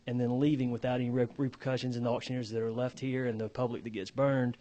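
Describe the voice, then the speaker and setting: A man giving committee testimony as an auctioneer, halting and repeating words as he explains. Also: medium pitch, level tone, mellow, lo-fi sound.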